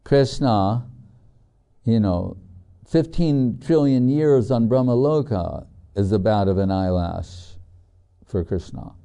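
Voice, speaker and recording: Slow, dark-voiced man giving a devotional talk. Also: low voice, creaky. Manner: storytelling, chatty with many fillers. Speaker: spiritual teacher. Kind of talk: devotional scripture lecture with anecdotes.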